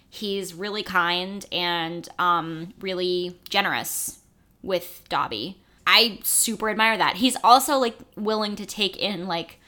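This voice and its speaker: A woman's voice: mid-range voice, pushed and bright. A woman co-hosting a podcast in casual chat, emphatic and sassy with lots of filler likes. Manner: emphatic, sassy, talks fast with many likes. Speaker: podcast co-host.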